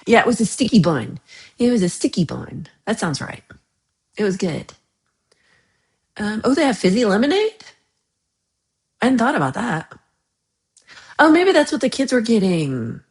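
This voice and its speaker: A woman's voice: mid-range voice, very animated, unhurried, pauses often, darkish tone. A woman hosting a casual livestream, chatting and reacting to viewer comments in a rambling way with frequent laughs. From United States. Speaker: livestream host.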